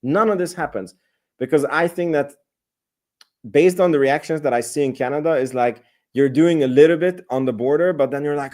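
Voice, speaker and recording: A man's voice: mid-range voice, moderate pace, a little mellow. A man hosting a live stream, chatting loosely about selling options and answering viewer comments, with many fillers and restarts. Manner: rambling, reads and answers chat comments. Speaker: host.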